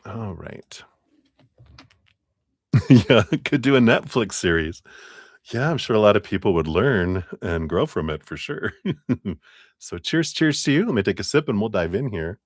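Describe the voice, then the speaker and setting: A low-voiced man reads tarot on a live stream, his pitch swooping up and down as he giggles and hums little sing-song sounds. He talks in an unhurried way, and the room around him sounds dry and close. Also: animated, slightly rough, no room sound. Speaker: tarot reader.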